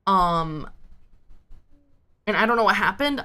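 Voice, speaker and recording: A woman's voice: fairly high pitch, normal speed, long pauses, noisy background. A woman livestreamer chatting casually with her viewers while she plays a game, rambling from topic to topic. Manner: chatty and rambling, talks to chat. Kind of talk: casual chat while gaming.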